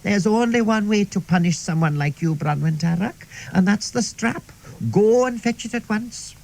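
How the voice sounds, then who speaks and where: A man doing a shrill strict schoolmistress. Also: expressive. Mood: stern. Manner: prim and clipped, quickly shrieking. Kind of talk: radio comedy monologue.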